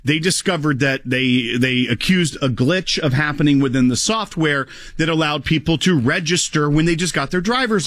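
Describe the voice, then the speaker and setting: Man, radio co-host, fairly high voice, steady informative talk, dry sound. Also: no echo.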